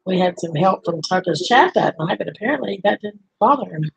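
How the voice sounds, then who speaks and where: Older lady rambling on a livestream, kinda husky voice, chatty grandma. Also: lowish voice, animated, brisk, lo-fi sound. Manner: chatty, rambling, talks to viewers and pets. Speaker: livestream host. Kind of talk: casual livestream chat.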